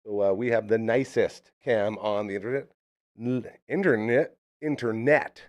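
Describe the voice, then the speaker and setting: A man's voice: fairly low pitch, normal speed, darkish tone. A man hosting a live streamed show, rambling and jokey in casual chat. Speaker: host.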